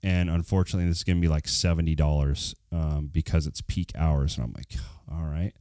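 Male vlogger, smooth voice, dry close sound, rambling storyteller fighting off a cold. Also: a bass voice, fairly even intonation, a little fast, dark tone, no echo. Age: adult. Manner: rambling, many fillers, acts out quoted dialogue. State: getting over a cold. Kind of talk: casual storytelling to viewers.

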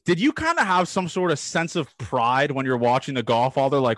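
Upbeat young man, crisp dry sound. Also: on the high side, sing-song, a little fast, few pauses, a bit bright, no echo. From Toronto, Canada. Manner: enthusiastic, hyperbolic, swears casually. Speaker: podcast host. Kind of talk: casual chat.

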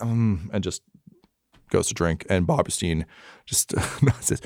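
A man's voice: low-pitched, moderate pace, creaky, dry recording, clean studio sound. Laid-back game master man narrating. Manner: relaxed narrator, laughs easily, many fillers. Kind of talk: casual narration of a tabletop game.

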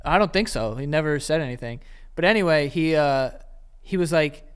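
A man's voice: a little high, moderate pace, smooth. A young man co-hosting a podcast, telling stories in casual chat and acting out what others said. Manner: laid-back storyteller, acts out quotes. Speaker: podcast co-host.

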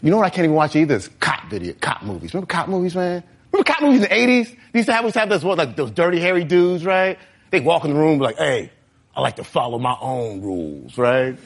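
A man doing a stand-up comedy set on stage, talking straight to the audience in a lively, animated way. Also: on the high side, racing. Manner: animated, talks straight to the crowd. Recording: live show with crowd noise.

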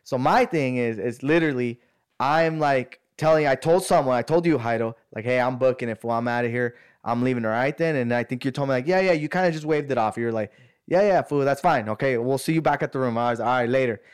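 A man's voice: medium pitch, fairly quick, smooth. Guy rambling thru a story to his friends, lots of slang, does little voices for people. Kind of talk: casual chat.

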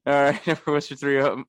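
Young dude podcast cohost, laughs a lot, goofy banter, dry close sound. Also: male voice, on the high side, no room sound. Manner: laughs often, jokey and animated. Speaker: podcast co-host. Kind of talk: casual chat.

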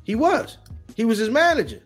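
A man co-hosting a podcast in casual chat, telling stories in an animated, playful way. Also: very high voice, moderate pace, faint music behind. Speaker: podcast co-host.

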